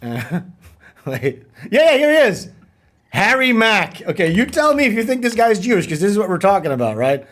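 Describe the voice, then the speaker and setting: High-voiced man ranting on a livestream. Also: sing-song, moderate pace, a bit bright. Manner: profane, ranting, mocking. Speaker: livestream host. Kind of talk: casual livestream chat.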